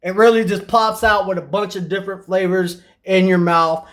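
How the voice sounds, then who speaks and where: A man's voice: high voice, level tone, moderate pace, a bit bright. A man hosting a casual cooking vlog, chatting straight to his viewers as he eats. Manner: chatty, addresses viewers directly. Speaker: cooking channel host.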